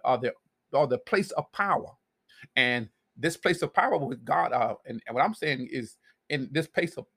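A male preacher with a gravelly, somewhat high voice that swings widely in pitch as he preaches. He reads scripture passages aloud between his own points. He often repeats and restarts words mid-phrase. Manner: animated preaching with many restarts and scripture reading. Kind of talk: sermon.

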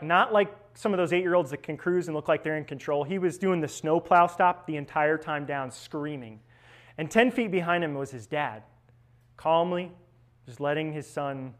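A man's voice: a little high, lively intonation, normal speed. A young man, a seminarian, giving a conversational spiritual reflection, telling stories and often checking in with tag questions. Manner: storytelling, with frequent tag questions.

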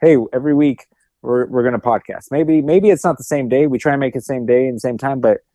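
A man co-hosting a podcast with a mellow, darker voice. He muses in a rambling, reflective way, filling pauses with fillers. The recording is close and dry. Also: medium pitch, no echo. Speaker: podcast co-host. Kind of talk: casual podcast chat.

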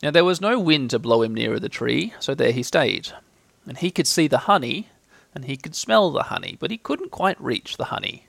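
A man reading a children's storybook aloud in a gentle, unhurried way. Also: medium pitch, big pitch swings, gravelly, dry recording. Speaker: reader.

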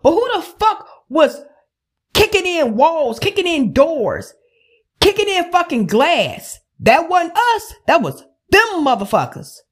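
A woman's voice: extremely high pitch, very animated, takes it slowly. A woman podcast host, ranting in a heated, profane, emphatic way. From United States. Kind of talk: angry political rant.

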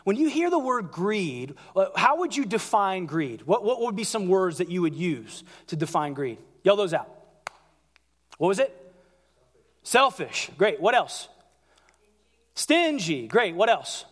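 A man preaching a sermon as pastor, animated, acting out quotes in a raised voice. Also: high-pitched, a little slow, long pauses. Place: large church hall. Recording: church hall with long reverb.

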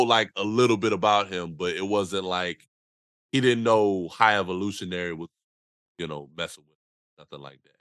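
A very deep-voiced man talks in a laid-back, halting manner, restarting and repeating his words. His tone is bright and smooth, and the sound is dry and close. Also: no echo. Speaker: podcast co-host. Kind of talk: casual movie review chat.

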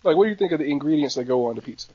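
A young man spins a funny story in casual conversation, his voice swinging up and down as he acts out what people said. It sits a little high. The recording is dry and a bit muffled. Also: rapid-fire. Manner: animated storyteller, laughs often, acts out quotes. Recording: dry, slightly dull sound.

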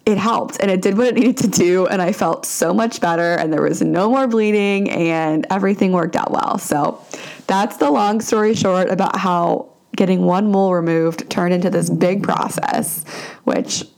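A young woman hosts her own podcast, telling a long personal story in a chatty, animated way. Her voice sits mid-range with a noticeable gravelly fry running through it. She keeps piling on asides as she goes. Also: fairly low pitch, moderate pace. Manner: chatty, animated retelling with frequent "like" and "lo and behold". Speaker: podcast host. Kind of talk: casual storytelling monologue.

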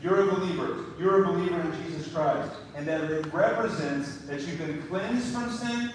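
A man's voice: sits high, moderate pace. Enthusiastic male pastor in an echoey hall. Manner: enthusiastic, repeats phrases, drops to a hush for quotes. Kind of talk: sermon. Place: church fellowship hall. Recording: echoey hall, distant mic, noisy.

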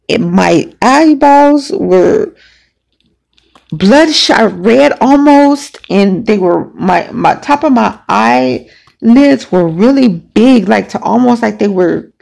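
Female podcaster, gravelly mid-pitched voice, casual emphatic storyteller. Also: expressive, takes it slowly, a little mellow. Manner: casual, emphatic, conversational with many fillers. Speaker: podcast host. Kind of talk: personal storytelling.

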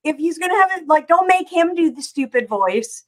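A woman with a fairly high voice talks casually as a co-host, rambling and animated. She uses lots of fillers as she goes. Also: brisk. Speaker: podcast co-host. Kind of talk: casual chat.

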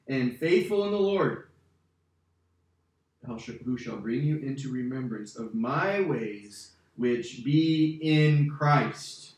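A man's voice: medium pitch, a little mellow. A man teaching a Bible study as pastor, emphatic and conversational, repeating key phrases for stress. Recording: very echoey, distant church mic.

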